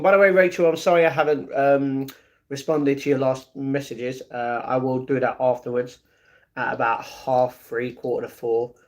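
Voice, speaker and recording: A man's voice: mid-range voice, darkish tone. A young British man hosting a casual live stream, chatty and playful, greeting viewers by name and breaking into improvised rhymes. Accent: British English.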